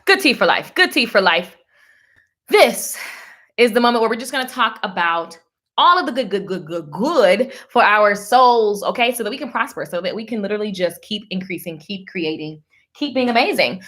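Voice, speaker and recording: A woman's voice: mid-range voice, sing-song, moderate pace, a bit bright. A woman hosting a motivational live stream, talking animatedly and in a preachy tone, calling her viewers darling. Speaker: livestream host.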